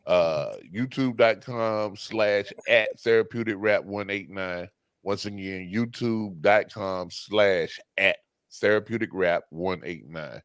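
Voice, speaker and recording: A man co-hosting a casual sports podcast stream, reading out a plug slowly and deliberately between playful banter. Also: fairly low pitch, clean tone, no echo, clean studio sound. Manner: drawn-out promo reads, playful banter. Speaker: podcast co-host. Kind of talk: casual live-stream chat.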